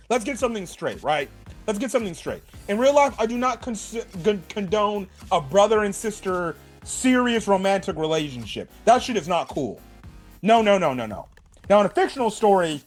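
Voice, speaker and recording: A man reviewing an anime in a casual, emphatic, profane way. His voice runs high and swoops through a lively range. Faint music sits behind him. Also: normal speed.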